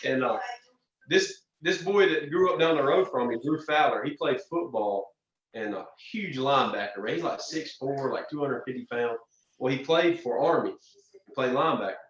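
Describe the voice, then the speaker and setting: A young man, a racer guest telling animated stories in a casual interview. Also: mid-range voice, moderate pace. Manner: animated storyteller, frequent restarts and "man". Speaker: drag racer and podcast guest. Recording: distant, roomy, dull lo-fi sound.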